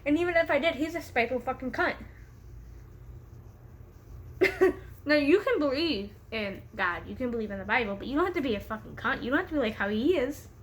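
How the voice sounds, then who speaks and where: Young woman vlogger, caffeine-buzzed, scattered and profane, laughs a lot; slightly high voice, light room hiss. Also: animated, brisk, long pauses. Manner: giggly, rambling, profane, easily distracted. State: caffeine-hyper. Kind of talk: casual storytime vlog. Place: home room with a pet bird.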